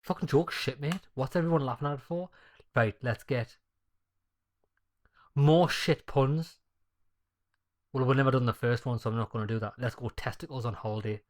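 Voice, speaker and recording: A man commenting over a game in a casual, sweary way, blunt and mocking, in an even mid-range voice. He sounds off-the-cuff, talking straight into his own mic. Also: mid-range voice, quick pace. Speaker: gaming channel host.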